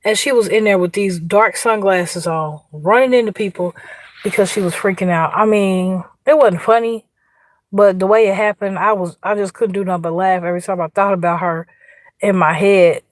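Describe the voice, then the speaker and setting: A woman's voice: medium pitch, moderate pace, no room sound. A woman with an Indiana accent telling a story casually on an outdoor livestream, chatty, laughing and greeting viewers by name. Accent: Indiana, US Midwest. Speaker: livestream host.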